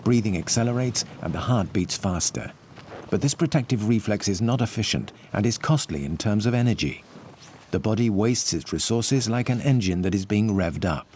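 Low-voiced male documentary narrator. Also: expressive, darkish tone, slight background noise. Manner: measured, explanatory. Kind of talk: scripted narration. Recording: faint music behind.

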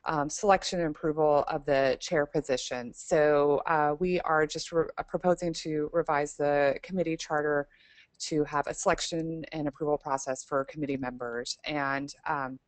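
A woman with an unusually deep voice presents a committee proposal in a measured way. The sound is dry and close, with no room around it, and she pauses often on ums. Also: fairly even intonation, no room sound. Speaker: committee member. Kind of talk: board meeting presentation.

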